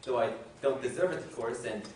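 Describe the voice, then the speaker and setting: A man's voice: medium pitch, fairly quick, darkish tone, close to an everyday voice. An actor plays a jittery thirty-five-year-old suitor who stammers through stiff, formal phrases on a stage play. He sounds distant, carried through a very echoey hall with a faint hum behind. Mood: nervous. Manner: flustered, stammering, overly formal.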